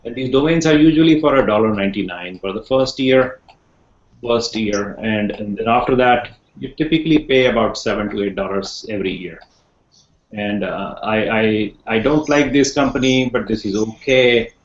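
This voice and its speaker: On a muffled, echoey video call, a male instructor runs an online class, wandering a little as he repeats words and quizzes his students. His pitch sits fairly low and his speed is ordinary.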